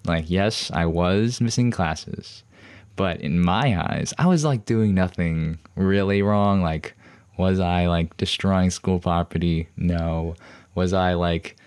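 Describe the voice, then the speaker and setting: A man's voice: low-pitched, slow, darkish tone, clear, resonant tone. A young man hosting a podcast, rambling through a personal story with many fillers and restarts, frustrated and defensive. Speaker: podcast host.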